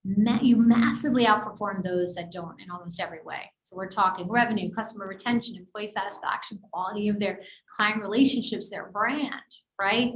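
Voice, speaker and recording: A woman leads an online business workshop over a video call, energetic and conversational, tagging her points with quick check-ins. Her voice sits at a middle pitch. The room around her rings with a noticeable echo. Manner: energetic, conversational, many fillers and "right?" tags. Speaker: workshop presenter. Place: home office on a video call. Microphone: video call mic.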